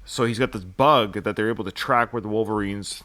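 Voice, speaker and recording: A man's voice: lowish voice, brisk, a bit bright, no echo. A man co-hosting a casual film podcast, talking hesitantly with frequent restarts and filler words. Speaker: podcast host.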